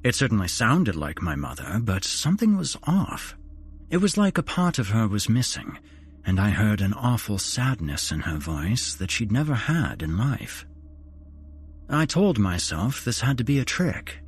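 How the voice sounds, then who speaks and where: A man hosting a horror podcast, narrating a first-person ghost story in a measured, dramatic way. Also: fairly low pitch, big pitch swings, breathy edge.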